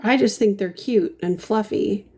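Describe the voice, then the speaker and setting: A woman's voice: mid-range voice, a little slow, darkish tone, slightly rough. A woman chatting playfully with her viewers, answering their comments as she paints on a livestream. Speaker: livestream host. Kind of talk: casual chat while painting live.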